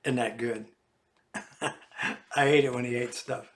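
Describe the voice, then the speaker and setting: An older man reading his own memoir aloud, folksy and animated. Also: mid-range voice, measured pace. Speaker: author.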